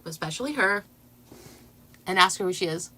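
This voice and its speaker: Woman host, casual livestream chat, excitable and giggly, bright tone. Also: fairly low pitch, moderate pace. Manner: excitable, laughing, talks to viewers. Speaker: channel host.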